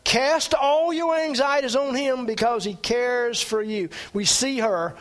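A man preaching a sermon in a notably high, light voice. He talks to the congregation in a plain conversational way, restarting phrases. He lifts his pitch sharply when he stresses a point. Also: unhurried. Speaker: pastor.

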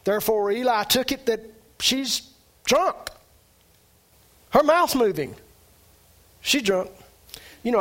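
A man pastor preaching a sermon in a conversational way, restarting phrases and lifting his voice on key words. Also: a bit bright. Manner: conversational preaching, rising pitch on emphasis, frequent restarts.

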